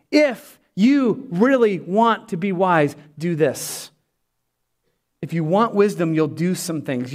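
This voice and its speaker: A male pastor preaching a sermon with emphatic delivery that drops to soft, prayerful tones. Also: sits high.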